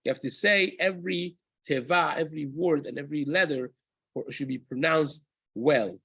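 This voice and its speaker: A man's voice: fairly high pitch, moderate pace, pushed and bright, breathy edge, dry recording, rough recording. A man, a rabbi, teaching a daily lesson on Jewish law in a casual explanatory way, often restarting and checking "right?". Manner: drops into chanting Hebrew verses.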